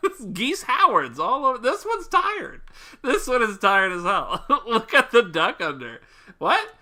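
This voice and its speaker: A livestreamer laughs through live gameplay commentary, voice sharp and piercing, swinging widely in pitch. The talk is unhurried, playful and full of swearing, with long laughing fits that end in tears. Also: huge pitch swings, soft background music. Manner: profane, playful.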